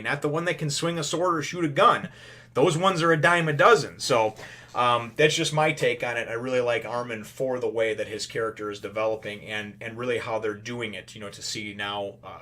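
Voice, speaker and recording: A man's voice: mid-range voice, a bit bright. A man hosting his own channel, talking through an anime episode in a loose, rambling way, often tossing in "you know" and "right?" and calling his viewers brothers and sisters. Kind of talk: casual spoken review.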